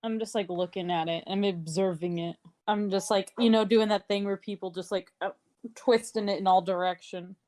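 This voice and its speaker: A woman's voice: medium pitch, steady tone, normal speed, darkish tone. A woman playing a tabletop role-playing game, sarcastic and swearing often. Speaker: player. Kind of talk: in-character tabletop play.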